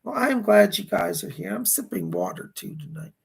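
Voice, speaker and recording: Recorded at a keyboard computer setup, a man hosts a psychic astrology livestream, his high voice creaky with a breathy edge and pitch swooping wildly at a normal speed. He chats informally, reading out and answering viewer comments.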